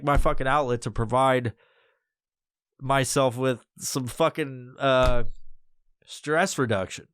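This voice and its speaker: A man hosts his own podcast alone, talking off the cuff and drifting onto side trails. His speech is packed with profanity, but his voice is smooth and resonant. The sound is dry and close, with no room in it. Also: on the high side, a bit bright, no echo. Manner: rambling, heavily profane, off-the-cuff. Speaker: podcast host. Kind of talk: casual solo podcast monologue.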